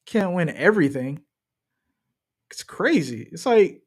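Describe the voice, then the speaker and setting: A young man talks loosely through a live stream, trash-talking and joking about football as he watches. His voice sits fairly high for a man. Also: moderate pace. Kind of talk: casual live-stream commentary.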